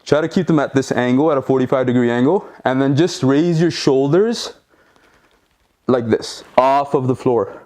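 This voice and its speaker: A man's voice: medium pitch, moderate pace, a little mellow. Encouraging male home workout coach. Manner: encouraging, checks in with frequent "okay?"; counts reps while exercising along. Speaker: fitness instructor.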